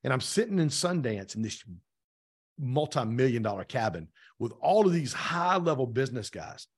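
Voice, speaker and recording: A man's husky, slightly rough voice at a middle pitch, talking as a podcast guest. He tells his story with lots of energy and slips into the voices of the people he quotes. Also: normal speed. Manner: energetic, retells events with lively quoted dialogue. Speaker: podcast guest, real estate team owner. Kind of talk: animated storytelling in conversation.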